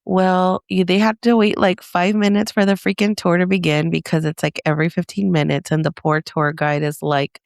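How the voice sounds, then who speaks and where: A woman co-hosting a podcast tells a rambling story in a fairly low voice with a gravelly edge. She piles on fillers and acts out the quotes along the way. Her close mic gives a dry sound. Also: level tone, normal speed, hardly any pauses, no echo. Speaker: podcast co-host. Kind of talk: casual storytelling.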